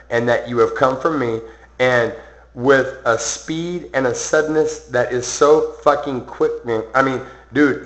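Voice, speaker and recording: A man's voice: mid-range voice, fairly bright tone, reverberant, poor audio. A man delivering a rambling, boastful, threatening rant to the camera, filled with "um" and "okay". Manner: boastful, confrontational, full of ums and okays. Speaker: vlogger.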